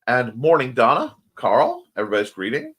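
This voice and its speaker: The host is a man with a husky, slightly scratchy mid-range voice that swings hugely in pitch as he talks briskly. On his casual morning stream he reads viewer comments, rambling playfully and warmly, and refers to his own speech impediment.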